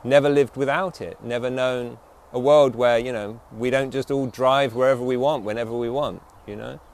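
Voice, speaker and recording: Speaking at a medium pitch in a steady tone, a meditation teacher gives a reflective dharma talk. He slows down on key phrases and often checks in with the people listening.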